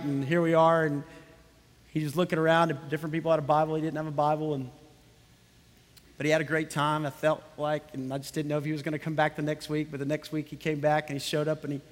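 Pastor, male, high voice, storytelling sermon that swells to fervent emphasis. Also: in a large hall.

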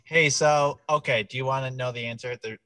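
A man's voice: mid-range voice, a little fast, faint music behind. A man co-hosting a casual podcast and reading quiz cards in a playful, joking way. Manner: playful, jokey, animated. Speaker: podcast co-host, quiz reader. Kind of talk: casual chat.

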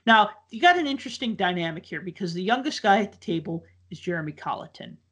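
A man's voice: sits high, big pitch swings, fast talker, fairly bright tone, husky. A man telling a long casual story, full of likes, ums and restarts. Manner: rambling, filler-heavy with many likes and ums.

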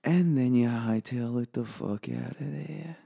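A man's voice: mid-range voice, measured pace, gravelly, warm tone, husky. An American man hosting a solo podcast from his office, talking into a microphone in a profane, sarcastic, rambling way. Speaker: podcast host. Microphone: studio microphone.

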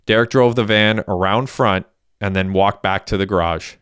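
A man giving a steady, even audiobook narration on a close mic. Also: lowish voice, moderate pace, smooth, no room sound. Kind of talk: scripted narration.

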